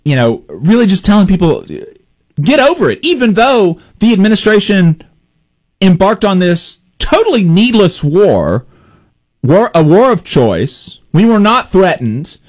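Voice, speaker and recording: High, lively-voiced male political commentator. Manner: halting, many fillers and restarts, laughs wryly.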